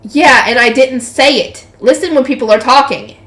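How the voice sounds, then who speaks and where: A woman's voice: sits high, normal speed, fairly bright tone. A woman reading the part of a tired, put-upon young male adventurer who answers dryly. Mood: weary. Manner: dry, tired replies. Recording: echoey room.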